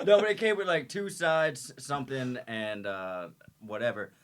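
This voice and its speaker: A man's voice: medium pitch, moderate pace, noisy background. A man co-hosting a casual podcast chat, telling stories in a laid-back way. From Indian background.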